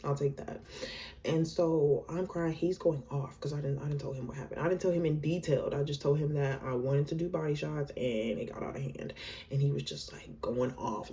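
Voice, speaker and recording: A young woman telling a casual storytime vlog, slangy and animated, with fillers all through. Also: deep voice, a little fast, distant mic, a little hiss or hum. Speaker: vlogger.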